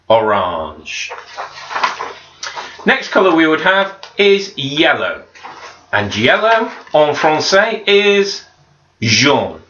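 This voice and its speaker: A bright-toned man, a primary teacher who talks slowly and patiently and repeats each word for young pupils. His voice rises and falls a lot, and the recording is slightly dull and roomy. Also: fairly high pitch, slight background noise. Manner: patient, carefully modelled pronunciation with repeats. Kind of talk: home-learning video lesson for children.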